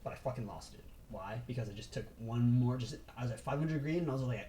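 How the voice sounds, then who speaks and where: A young man telling a casual vlog story about his own trading, talking in quick, animated bursts with slang and swearing. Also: medium pitch, a little hiss or hum, poor audio. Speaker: trader.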